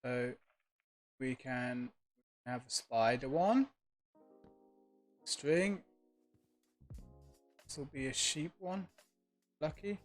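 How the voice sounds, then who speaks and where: Live-streaming a game, a man chats back to his viewers and casually thinks aloud in a relaxed way. His voice is mid-range and extremely slow, with frequent pauses, over faint lo-fi music.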